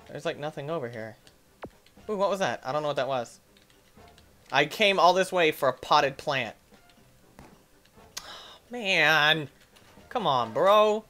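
A man hosting a gaming channel, giving playful, excitable let's-play commentary and talking back to the enemies on screen. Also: a little high, unhurried, long pauses, faint music behind.

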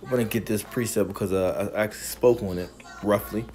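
A man preaching a sermon, reading scripture verses slowly and then explaining them, asking "you see?" again and again. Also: lowish voice, a little mellow, faint music behind. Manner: emphatic, punctuates with "you see?".

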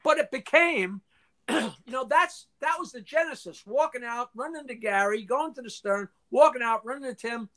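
An older man, a guest in a casual interview, tells long anecdotes full of restarts, swearing and acted-out quotes, clearing his throat now and then. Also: very high voice, animated, normal speed, pushed and bright. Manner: profane, frequently clears throat.

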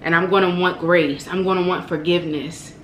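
A woman's voice: on the low side, steady tone, a little fast, fairly bright tone, echoey room, a little hiss or hum, poor audio. A woman vlogger speaking straight to her viewers with heartfelt encouragement, repeating phrases for emphasis and calling them baby and honey. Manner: impassioned and repetitive, preacherly, calls listeners baby and honey. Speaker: mukbang vlogger. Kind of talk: heartfelt direct-to-camera encouragement.

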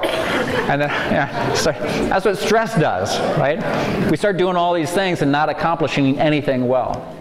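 Animated man lecturing in an echoey hall. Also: a little high, measured pace, a crowd in the background. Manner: animated, acts out worried inner voices. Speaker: speaker. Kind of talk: faith-based lecture on stress. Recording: echoey hall, faint ambience.

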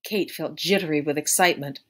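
A woman narrating a story aloud in a measured, expressive way. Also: deep voice. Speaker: audiobook narrator.

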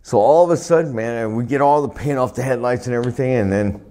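A retired wrestler telling profane, laughing stories in a sit-down interview, recorded on a lapel mic indoors. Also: male voice, mid-range voice, fast talker. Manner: profane, laughing, animated anecdotes. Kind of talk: storytelling shoot interview.

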